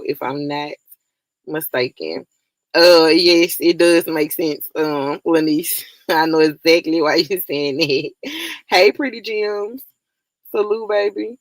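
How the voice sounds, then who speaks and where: A livestream host with a gravelly, fry-tinged, lowish voice chats loosely and calls out viewers by name. She laughs a lot and swears freely. The audio is close and dry with no room echo.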